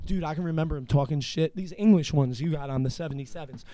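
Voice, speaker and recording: A man's voice: fairly high pitch, fast talker, warm tone, slight background noise. A young man hosting a podcast, telling a long profane story in casual chat. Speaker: podcast host.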